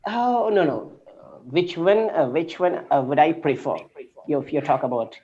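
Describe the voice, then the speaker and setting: A man's voice: on the high side, expressive, moderate pace, dark tone, muffled recording. A man who teaches English, chatting casually over a video call, hesitant and full of fillers and restarts.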